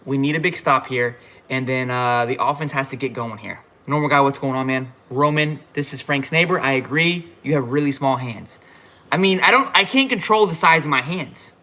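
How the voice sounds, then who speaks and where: A man's voice: medium pitch, normal speed, sharp tone. A tipsy man hosting a live halftime reaction stream, fired up and rambling with frequent restarts. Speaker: fan livestream host.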